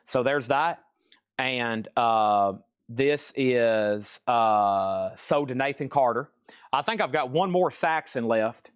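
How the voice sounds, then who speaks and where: On a live stream selling vinyl, a man rambles in a folksy way and hums snippets of songs. His medium-pitched voice has lively intonation and moves slowly and smoothly. Sound is clean and studio-like, without any room noise.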